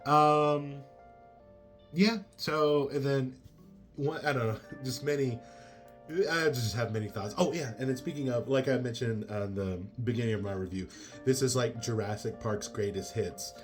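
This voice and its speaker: A man's voice: mid-range voice, a little slow, faint music behind. A man giving a casual spoken movie review, rambling with many fillers and exasperated asides.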